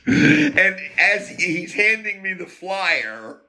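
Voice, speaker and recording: A man's voice: high-pitched, huge pitch swings, drawn-out words, pushed and bright. A man telling rambling stories in a casual monologue, laughing between lines and drifting into asides and talk to himself. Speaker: podcast host telling stories.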